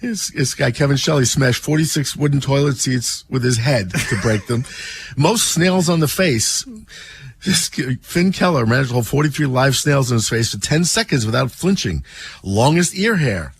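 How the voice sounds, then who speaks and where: A man's voice: mid-range voice, animated, normal speed, a little hiss or hum. A man co-hosting a sports radio show, telling a joke as a story in casual banter. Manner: storytelling, playful voices in anecdotes. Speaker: radio co-host.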